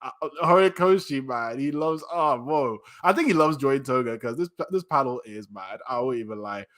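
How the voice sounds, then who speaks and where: Excitable guy reacting to manga. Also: mid-range voice, normal speed, hardly any pauses. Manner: excitable, slangy, reads panels aloud with bursts of laughter. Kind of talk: casual manga reaction commentary.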